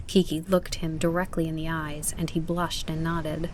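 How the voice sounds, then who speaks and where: A woman narrating a children's novel audiobook in a calm, gentle storytelling manner. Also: deep voice, normal speed, hardly any pauses, slight background noise. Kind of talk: scripted narration.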